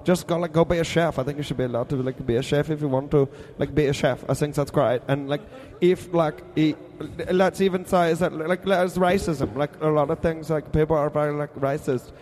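A man playing an earnest, rambling speaker at an open-mic poetry night, halting and full of filler words, with added reverb. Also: fairly high pitch, darkish tone. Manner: halting, filler-heavy, "like" every few words.

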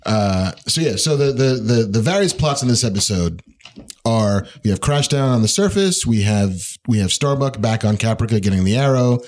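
A man's voice: on the low side, expressive, moderate pace, darkish tone. A man hosting a podcast in a playful, jokey casual chat. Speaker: podcast host.

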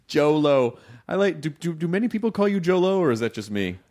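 A man hosting a casual podcast chat, teasing his guest with quick jokes. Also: a little high, animated, a little mellow. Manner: teasing, jokey. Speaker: podcast host.

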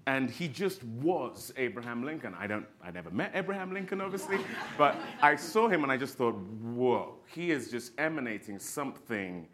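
Male actor panelist with a bright tone, expressive storyteller who laughs through his anecdotes. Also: mid-range voice. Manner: expressive, laughs often while telling stories. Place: panel stage.

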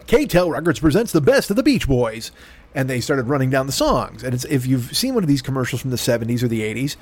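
A middle-aged man telling a long, profane, self-deprecating story in a rambling podcast monologue. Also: mid-range voice. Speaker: podcast host.

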